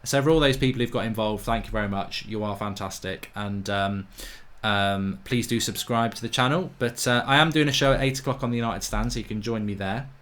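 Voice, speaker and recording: Bloke rambling through a live match stream, jokey and chatty, lots of ums. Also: male voice, fairly low pitch, brisk, a bit bright. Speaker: football channel host. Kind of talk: live match watchalong chat. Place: home studio, with a guitar.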